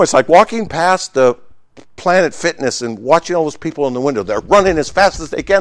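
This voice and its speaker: A man preaching a sermon, emphatic and conversational, swinging between loud exclamations and hushed asides, with humorous remarks to the congregation. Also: a little high, animated, fairly quick, no room sound, clean studio sound. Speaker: pastor.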